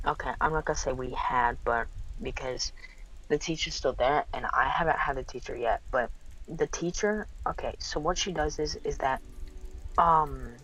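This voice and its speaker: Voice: mid-range voice, fairly bright tone, rough recording. Hesitant speaker in casual chat. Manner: hesitant, restarting often.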